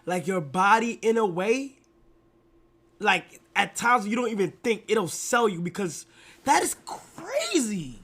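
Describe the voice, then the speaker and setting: A young man streaming a reaction, talking to his chat in slangy, animated casual commentary. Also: high-pitched, unhurried.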